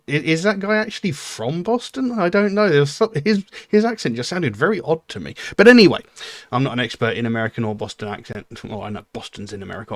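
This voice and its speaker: A man's voice: medium pitch, no room sound, studio quality. A middle-aged man, giving casual reaction commentary on a music video in a rambling, candid way. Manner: rambling and candid, with frequent um and you know. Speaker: music reaction channel host.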